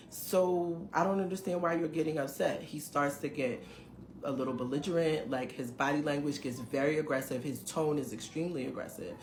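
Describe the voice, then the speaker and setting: A middle-aged woman at home, animatedly telling viewers a story in a casual, emphatic way. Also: low voice. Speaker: vlogger recounting a dating experience. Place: her home, indoors. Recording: roomy room echo, faint background hiss.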